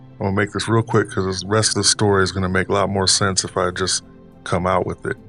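Deep-voiced man in a put-on Southern drawl. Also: a bit bright. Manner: deliberately puts on an older man's voice; rambling, filler-heavy, unhurried delivery. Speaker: podcast host. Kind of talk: casual storytelling monologue.

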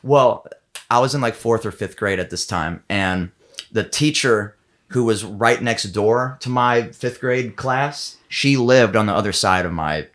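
A young man in casual chat, telling a story loudly and breaking into shouts and laughter. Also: lowish voice, measured pace. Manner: loud, bursts into shouts and laughter. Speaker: guest band member.

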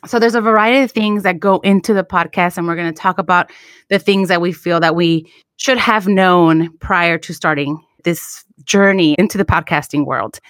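A chatty woman co-hosting a casual podcast conversation. She talks in an animated way and laughs easily. Her voice sounds dry and close, with little room around it. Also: fairly low pitch, normal speed, no room sound. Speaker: podcast co-host.

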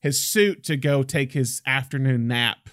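A man's voice: medium pitch, a little slow, a bit bright, no room sound, clean studio sound. Enthusiastic man in casual film chat. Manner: enthusiastic, acts out film quotes.

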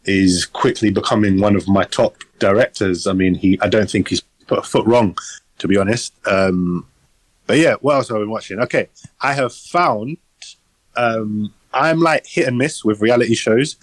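A young man talks through films in a loose podcast chat, rambling and swearing freely. His voice sits low and the sound is dry and close, as if recorded on a phone. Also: normal speed, dry recording, low-quality recording. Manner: rambling, swears casually, many fillers. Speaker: podcast co-host. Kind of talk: casual chat.

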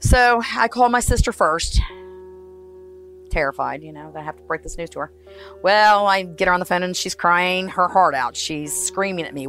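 A woman recounting a traumatic family event, halting and emotional, acting out the voices of others as she speaks. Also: on the low side, creaky, a bit bright, faint music behind, poor audio. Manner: halting, emotional, acts out dialogue. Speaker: interviewee recounting a family tragedy. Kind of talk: personal account in interview.

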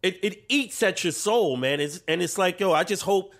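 A man's voice: high-pitched, normal speed, a bit bright. A man, a podcast guest, speaking earnestly in casual chat, rambling with lots of fillers.

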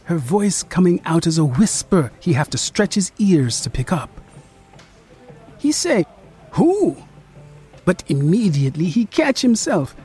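A narrator reading a literary story in a slow, rhythmic, lingering way. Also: mid-range voice, warm tone, slightly rough.

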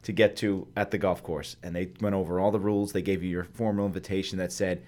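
A man with a lower-pitched voice tells a story in a relaxed podcast chat. He talks animatedly and slips into the voices of the people he quotes. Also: quick pace. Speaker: host.

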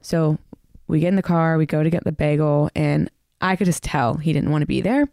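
A woman's voice: sits low, a little fast, creaky, warm tone, dry recording, studio quality. A woman telling a personal story in a candid, self-mocking way on a podcast.

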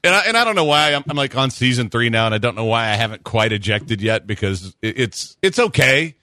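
Lively bright-voiced male radio host. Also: medium pitch, no echo, clean studio sound. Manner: animated storyteller, quick asides. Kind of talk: casual radio banter.

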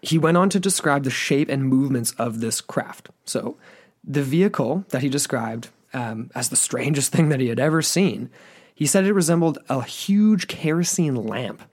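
A man's voice: mid-range voice, lively intonation, normal speed, darkish tone. Male podcast co-host, conversational storyteller, mid-range voice, reads quotes with casual asides. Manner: retells a witness account, reads quotes aloud, chatty asides.

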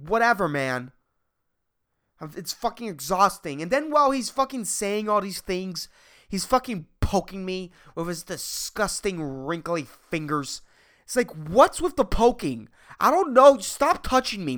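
A man's voice: sits high, pushed and bright. A man hosting his own podcast, talking alone in a rambling, profane comic rant. He gets worked up, laughs at his own jokes and restarts his sentences often. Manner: exasperated, agitated. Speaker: podcast host. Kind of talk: solo comedic rant.

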